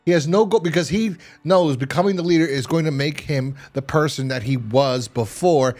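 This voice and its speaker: A man's voice: fairly high pitch, moderate pace, darkish tone, faint music behind. A man giving a casual, rambling recap of a TV episode, full of fillers and restarts. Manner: rambling, filler-heavy retelling. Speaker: TV episode reviewer.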